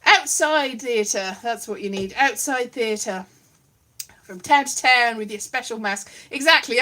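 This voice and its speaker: A woman's voice: sits high, bright, forceful tone. A woman at home giving a rambling, giggly comic monologue with puppets, often mocking herself. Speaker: comedian doing a solo online show.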